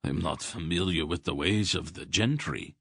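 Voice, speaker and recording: A humble working man, as a man plays him, modest and ill at ease, in a deep, plain voice. The sound is close and dry, a storybook read aloud. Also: expressive, moderate pace, gravelly, fairly bright tone, husky, no room sound, exaggerated voice. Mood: uneasy. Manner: modest, uncomfortable. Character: plain, humble man, uneasy among nobles.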